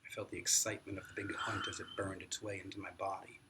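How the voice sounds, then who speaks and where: A low-voiced man reading a novel aloud, telling it plainly. He sits back from the mic. A steady hiss and birdsong run beneath him. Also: quick pace, distant mic. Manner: plain storytelling. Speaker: narrator.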